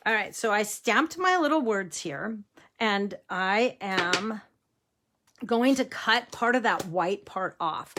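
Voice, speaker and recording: A woman talking through a card-making tutorial, easygoing and chatty. Her voice sits at an ordinary middle pitch. She drifts into rambling family stories and laughs easily along the way. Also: background noise. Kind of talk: casual crafting tutorial chat.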